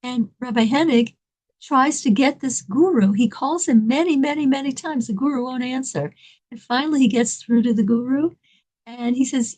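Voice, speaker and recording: A woman telling an inspirational story in an animated, dramatic way, laughing between lines. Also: sits high, normal speed.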